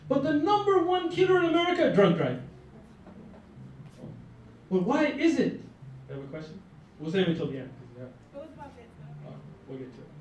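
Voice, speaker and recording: High-voiced man lecturing in an echoey hall. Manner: lively, conversational, asks the audience to respond. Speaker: lecturer on Islam. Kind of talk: campus lecture to a live audience. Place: college lecture room. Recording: very echoey room, mic far off.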